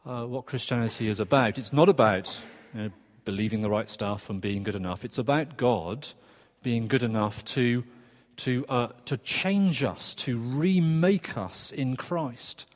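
Preacher in a reverberant hall. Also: male voice, medium pitch. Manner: conversational, earnest, with restarts and quick asides. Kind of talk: sermon. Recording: long reverb of a church hall.

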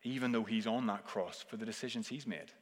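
A man's voice: on the low side, fairly quick. Earnest male preacher in a reverberant hall. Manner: earnest, swings between forceful emphasis and hushed intensity. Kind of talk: sermon. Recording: long reverb of a large hall.

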